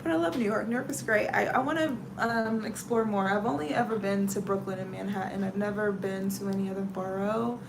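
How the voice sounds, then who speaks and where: A woman's voice: medium pitch, a little fast, vocal fry, few pauses, noisy background. A woman with a Southern US accent hosting a casual livestream chat, telling stories with dramatic exclamations and reading out viewer comments. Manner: animated storyteller with dramatic exclamations. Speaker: livestream host.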